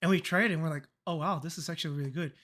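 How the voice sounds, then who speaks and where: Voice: medium pitch, rapid-fire, a bit bright. A young adult streamer chatting casually, telling a rambling story full of fillers and mild swearing, acting out the lines of the people in it. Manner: rambling, laughing, swears, acts out quoted dialogue.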